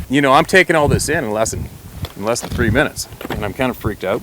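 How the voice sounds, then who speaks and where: A man's voice: mid-range voice, animated, quick pace, background noise. A man telling a personal story to camera in a rambling, blunt way, with mild swearing and frequent restarts.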